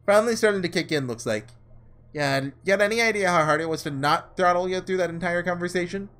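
A man's voice: sits high, fast, fairly bright tone. A man voicing a scornful young man from the slums, speaking in a slangy, mocking drawl.

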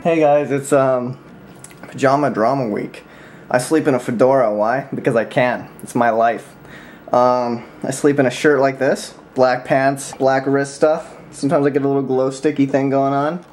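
A man's voice: mid-range voice, fairly even intonation, normal speed, darkish tone, slight background noise. A man talking casually to camera in a vlog, teasing his friends in a mock-mean way, full of "like" and "um", laughing at his own jokes. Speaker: vlogger.

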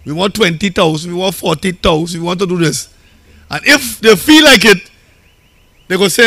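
Trinidadian man, council chairman at a rally; high, bright voice, dry close sound; chatty and anecdotal. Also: moderate pace, vocal fry, long pauses, dry recording. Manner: conversational, storytelling, repeats phrases. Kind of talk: campaign rally speech.

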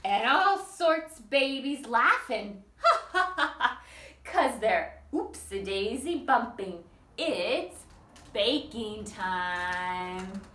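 Woman reading a kids' storybook, kinda high, slow and singsongy, echoey room, mic sits a bit away. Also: lively intonation, sharp tone, recorded from a distance. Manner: slow, sing-song, coaxing children to join in. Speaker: library storytime reader. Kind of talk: reading a picture book aloud to young children.

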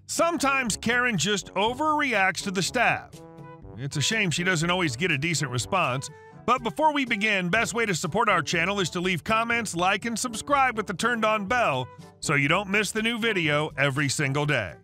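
A male narrator reads a scripted story in a high, bright voice that swings widely in pitch. The delivery is steady and machine-like, and faint music plays underneath. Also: moderate pace.

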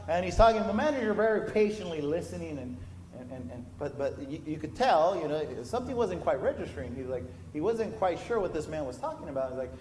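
A man's voice: on the high side, sing-song, fast talker, a little mellow, slight background noise. A man preaching a sermon in a church, telling a story and building to impassioned emphasis. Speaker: pastor. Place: church sanctuary. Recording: echoey church room.

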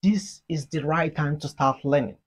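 A Mandarin teacher giving an online lesson, explaining slowly and deliberately and leading repeat-after-me drills. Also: medium pitch, slightly rough. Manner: slow, deliberate explaining, modeling sounds for learners.

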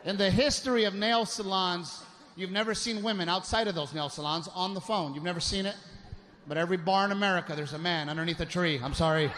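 A man performing live stand-up comedy, ranting in an exasperated way with loud shouted bursts. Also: high voice, fast talker. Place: stage at a live show. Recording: live show with loud background noise.

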